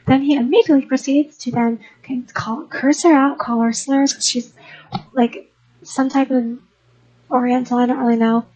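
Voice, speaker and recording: A woman's voice: high-pitched, normal speed, a little mellow, slightly rough, muffled recording. A young woman who hosts a gaming channel, rambling casually in an unscripted voice-over with lots of restarts. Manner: rambling, chatty, many restarts.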